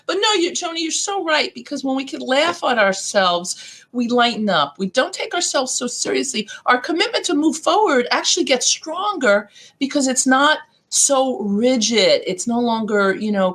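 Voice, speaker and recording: A middle-aged woman life coach telling stories in a podcast interview, animated and often acting out the voices of the people she quotes. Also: sits high, moderate pace.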